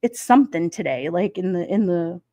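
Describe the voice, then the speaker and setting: A woman's voice: fairly low pitch, expressive, brisk, dark tone, dry recording, clean studio sound. A woman hosting a livestream, rambling through casual anecdotes for her chat and laughing often. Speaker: livestream host. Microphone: streaming microphone.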